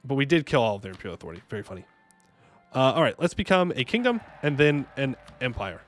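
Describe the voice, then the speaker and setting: A man's voice: mid-range voice, very animated, fast talker, no echo. A man streaming a strategy game, chatting casually and joking with his chat, humming little fanfares as he plays. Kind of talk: casual gameplay commentary. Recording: faint music behind voice.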